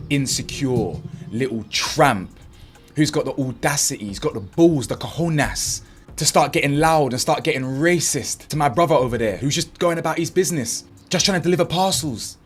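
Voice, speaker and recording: A man's voice: on the high side, expressive, normal speed, breathy edge, faint music behind. A man hosting his own commentary channel, ranting in a blunt, mocking, slangy way.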